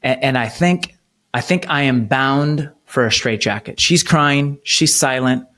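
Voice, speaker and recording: A man in his thirties, a podcast guest, earnestly telling a personal story of faith, slowing down to stress key moments. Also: medium pitch, sharp tone. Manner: earnest storytelling, slows for emphasis. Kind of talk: personal testimony in an interview.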